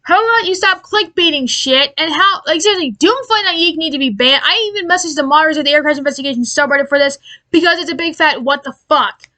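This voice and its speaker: A woman giving an angry, profane commentary rant, exasperated and halting with many restarts. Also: high voice, sharp tone. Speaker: aviation commentary YouTuber.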